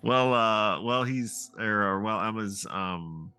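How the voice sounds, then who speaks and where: A man's voice: fairly low pitch, takes it slowly, pushed and bright, clear, resonant tone, no echo. A man playing a tabletop game, chatting in a giggly way. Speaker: player. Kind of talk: casual tabletop play.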